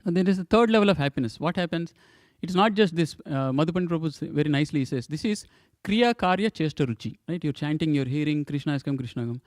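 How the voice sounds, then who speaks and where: A man's voice: a little high, expressive, fast talker, hardly any pauses, no room sound, clean studio sound. A man giving a temple scripture class, emphatic, repeating points and asking rhetorical questions.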